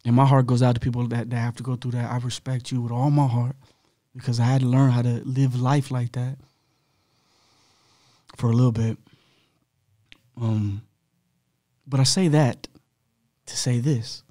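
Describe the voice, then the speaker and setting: A man's voice: medium pitch, level tone, normal speed, pauses often, warm tone, no echo, clean studio sound. A man as a podcast guest, telling his own story in a candid, blunt way, full of slang and swearing.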